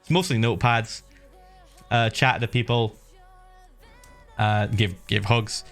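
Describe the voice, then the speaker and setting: A middle-aged man streaming, casually telling viewers a story with lively laughs and the odd swear. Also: on the low side, slow, faint music behind.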